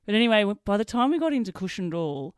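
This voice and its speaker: A woman hosts a relaxed interview, trading anecdotes and laughing easily. Her voice is smooth and clear, recorded close and dry. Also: mid-range voice, quick pace, no echo. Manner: warm, anecdotal, laughs often. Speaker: podcast host. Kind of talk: casual interview chat.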